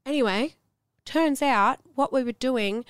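A young woman, co-hosting a podcast and telling a personal story in casual, animated chat, swearing freely. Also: high voice, measured pace, smooth, dry recording. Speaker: podcast co-host.

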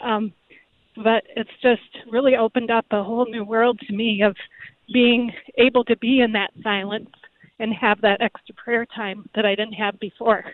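A woman's voice: a little high, flat delivery, moderate pace, no room sound. A woman calling in to a radio show while out on a walk, out of breath and chatty, laughing as she talks. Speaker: caller. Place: outdoors on a river trail. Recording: tinny phone line.

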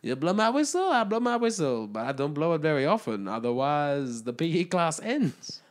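A man's voice: a little high, expressive, normal speed, close to an everyday voice. A man playing a goofy middle-school PE teacher in an improvised comedy bit, rambling and stumbling over his words.

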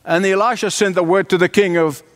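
High-voiced man preaching a sermon. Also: steady tone, fairly quick, a bit bright. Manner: earnest, emphatic, often addresses listeners directly.

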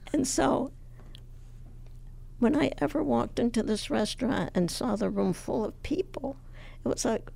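A woman in her eighties with a squeaky voice, a guest in a radio studio telling her story slowly and haltingly. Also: dark tone. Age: 80s. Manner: slow, halting, gravelly storytelling. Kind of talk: conversational interview.

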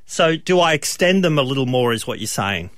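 A man co-hosting a radio show, bantering and joking about himself in a quick back-and-forth. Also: medium pitch, sing-song, fairly bright tone, no echo. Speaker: radio co-host. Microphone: studio microphone.

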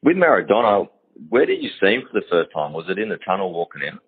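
A man hosting an interview, asking relaxed, quick questions. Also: deep voice, gravelly, slightly rough. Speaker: interviewer host. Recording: tinny phone-like sound.

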